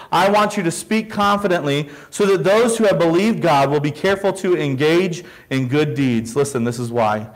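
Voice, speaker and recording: High-voiced man preaching a sermon. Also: rough recording. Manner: emphatic preaching with rhetorical questions and repetitions. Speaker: pastor.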